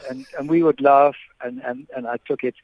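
An older man from South Africa, a veteran sports broadcaster, reminiscing as a radio guest, halting and repeating words as he goes. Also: medium pitch, steady tone, a little mellow, no echo. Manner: hesitant, many repeated words and restarts. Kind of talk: phone-in reminiscence. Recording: tinny phone line on radio.

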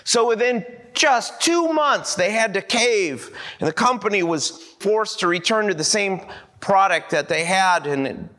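A male pastor preaching a sermon to a congregation, telling a story with animated acted-out dialogue. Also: high voice.

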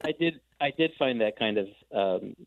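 A man's voice: mid-range voice, animated, moderate pace, creaky, no echo, phone-quality sound. A male novelist on a radio show, talking casually and chuckling at himself. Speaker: novelist guest.

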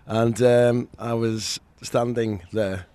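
A man's voice: mid-range voice, fairly even intonation, takes it slowly, warm tone, clean tone, no room sound. A man co-hosting a morning radio show, telling a story in a hesitant, sheepish way. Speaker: radio co-host. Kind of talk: casual radio banter.

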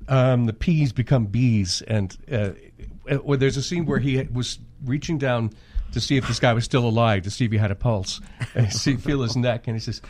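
A man's voice: mid-range voice, moderate pace, a little mellow. A man guesting as a voice actor, telling anecdotes in a casual, laughing interview. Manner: storytelling, laughing often.

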